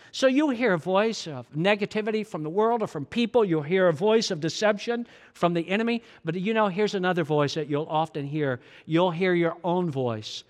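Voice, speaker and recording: Male pastor, earnest conversational sermon, rhetorical questions, fairly high voice, long church reverb. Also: a bit bright. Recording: long reverb of a large hall.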